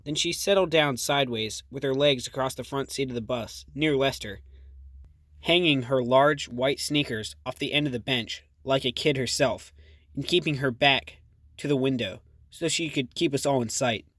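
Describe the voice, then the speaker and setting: A male audiobook narrator with a steady, measured read. His voice sits at an ordinary pitch for a man. The sound is dry and close to the mic. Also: dry recording.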